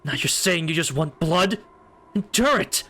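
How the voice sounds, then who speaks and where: A man streamer reading aloud as a hot-headed, stubborn young man, delivering blunt lines in loud, rising outbursts. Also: fairly high pitch, unhurried, heavily acted. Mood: scolding. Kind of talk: reading a game's story mode aloud.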